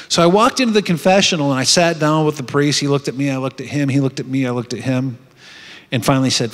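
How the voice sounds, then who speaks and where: A man's voice: mid-range voice, fast. A man giving a heartfelt personal testimony at a retreat, telling his story earnestly with frequent restarts. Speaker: retreat speaker. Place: conference hall. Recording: long hall reverb.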